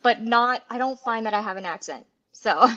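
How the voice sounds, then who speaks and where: A woman's voice: fairly high pitch, moderate pace, pushed and bright, highs cut off. Guest: woman from New Orleans way, raised voice, chatty, lots of "like", easy laugh over a video call. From New Orleans area, Louisiana. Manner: chatty, frequent "like" fillers, laughs often. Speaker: guest, mountain biker. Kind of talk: casual interview chat.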